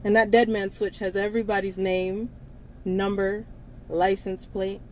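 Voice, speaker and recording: A woman's voice: mid-range voice, level tone, unhurried, darkish tone, slight background noise, rough recording. A woman hosting a casual livestream, talking bluntly with frequent swearing and laughter. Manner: blunt, profane, laughs often between lines. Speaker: livestream host.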